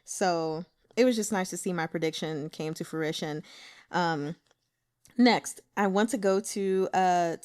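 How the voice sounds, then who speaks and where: A woman hosting a casual book discussion who breaks off to teach how to say Mandarin names, talking with lively enthusiasm. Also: on the low side. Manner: excitable, teaches Mandarin name pronunciation. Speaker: book club host.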